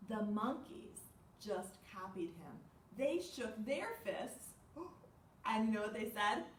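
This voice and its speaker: Reading aloud at storytime, a woman who works as a children's librarian speaks a little slowly in a mid-range voice, animated with gasps and questions for the kids. Recorded far from the mic in an echoey room, the audio has slight background noise.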